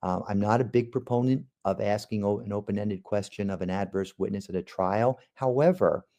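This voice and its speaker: A man's voice: lowish voice, brisk, mellow. A man, a trial lawyer, giving a podcast lecture on cross-examination in a conversational way, with frequent ums and uhs.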